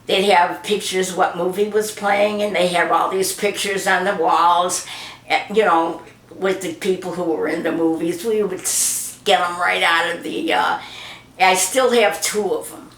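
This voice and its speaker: A woman's voice: lowish voice, fairly even intonation, a little slow, fairly bright tone. An older woman being interviewed, chatting about old memories and acting out the voices in her stories. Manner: chatty, acts out quoted voices. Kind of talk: reminiscing storytelling. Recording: roomy echo.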